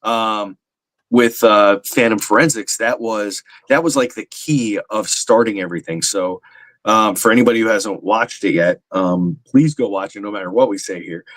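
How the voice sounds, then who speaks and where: A man's voice: on the low side, normal speed, fairly bright tone, no echo. A man co-hosting a podcast, telling a rambling anecdote with lots of fillers. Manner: rambling, self-deprecating, many fillers. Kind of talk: casual chat, anecdote.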